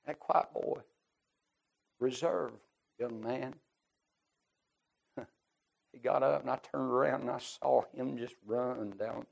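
A middle-aged man preaching a revival-style sermon in a church service. He is fervent and swings from hushed storytelling to shouting. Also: mid-range voice, steady tone, slow pace, creaky, long pauses.

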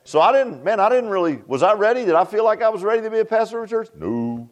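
A male pastor preaching in a folksy, chatty way, his voice sitting a little higher than most men's. He keeps asking the listeners rhetorical questions and repeats himself for emphasis, laughing at his own jokes along the way. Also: very animated, fast talker. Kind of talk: sermon.

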